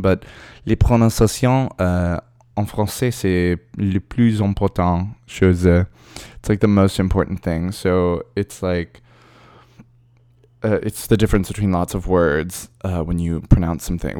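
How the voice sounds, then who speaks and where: A man's voice: low voice, no room sound, clean studio sound. A man hosting his own show, chatting casually on his own in a rambling, playful way with lots of fillers. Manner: chatty and rambling, many fillers, playful bursts of self-praise. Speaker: podcast host, drag performer. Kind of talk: casual solo chat.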